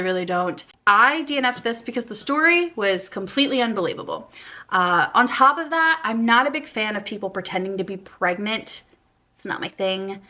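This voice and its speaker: Woman book reviewer, casual and wry, talks in quick asides; bright voice. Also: mid-range voice. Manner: chatty, sarcastic asides, frequent laughs. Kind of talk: casual reaction vlog.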